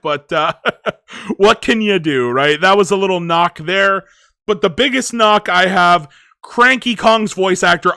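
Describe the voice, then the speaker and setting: High, bright-voiced man rambling a review. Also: no echo, studio quality. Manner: rambling, lots of filler words. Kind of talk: casual movie review chat.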